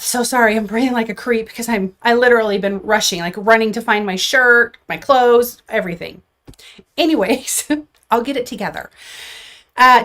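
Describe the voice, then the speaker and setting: A woman's voice: a little high, a bit bright. A woman hosting a live craft demo, chatting casually and greeting viewers by name, with rambling asides and self-corrections. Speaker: crafting livestream host.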